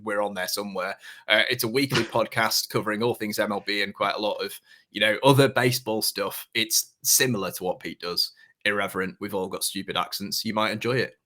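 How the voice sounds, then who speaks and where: A man's voice: fairly low pitch, steady tone, fairly quick, bright, forceful tone. A man with a Northern English accent, chatting easily as a podcast guest. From England. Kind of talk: casual chat.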